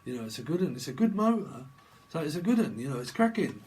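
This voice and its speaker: A man's voice: on the high side, sing-song, fast, darkish tone. A man doing a cocky, drawling rock-star lad. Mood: boastful.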